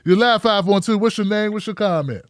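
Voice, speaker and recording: A man hosting a live call-in show, talking in an animated, profane, joking way. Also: high-pitched, fairly quick, no room sound, clean studio sound. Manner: animated, profane, jokey impressions. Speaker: host taking calls.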